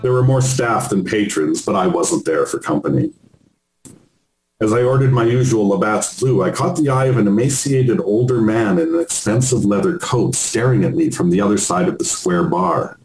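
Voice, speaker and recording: Low-voiced man reading his memoir. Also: moderate pace, darkish tone, soft background music. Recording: roomy with faint noise.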